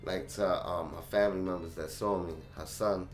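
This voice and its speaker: A young man telling a personal story to his vlog audience in an animated, slangy way. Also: low voice, normal speed, faint music behind. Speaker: channel host.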